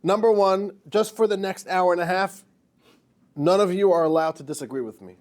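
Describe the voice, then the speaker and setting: A man teaches a class as a rabbi, giving a lecture sprinkled with jokes and calling his listeners dear friends. His voice is high-pitched and a little mellow, at normal speed.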